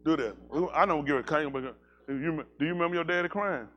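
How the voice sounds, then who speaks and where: A male pastor joking with his congregation in casual banter, teasing people and breaking into loud exclamations, before settling into preaching. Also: on the high side, quick pace, muffled recording.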